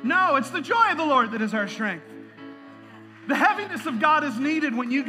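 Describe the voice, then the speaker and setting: A man's voice: extremely high pitch, big pitch swings, normal speed, bright, forceful tone, soft background music. A man preaching a sermon to a congregation, calling out praise and breaking into bursts of laughter.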